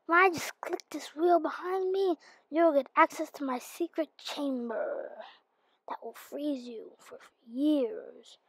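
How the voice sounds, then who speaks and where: A woman's voice: sits high, slow pace, fairly bright tone, dry recording, heavily acted, rough recording. A woman voicing a sly man with a freezing machine, smug and teasing, in game role-play.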